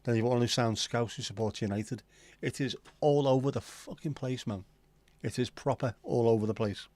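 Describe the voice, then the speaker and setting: A man's voice: mid-range voice, normal speed, darkish tone. Chatty, sweary male livestream host. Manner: chatty, sweary, banter-filled. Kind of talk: casual chat reading viewer comments.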